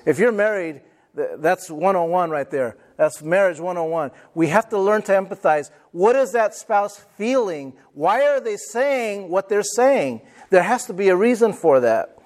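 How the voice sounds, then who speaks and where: A man's voice: sits high, animated, normal speed. A middle-aged male pastor preaching a sermon, emphatic, repeating key phrases and calling for amens from the congregation.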